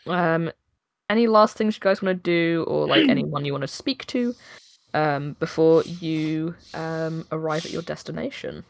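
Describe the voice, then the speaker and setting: A woman's voice: low voice, moderate pace, gravelly, no echo. A woman game master narrating a tabletop session in a casual way, with lots of filler words and swearing.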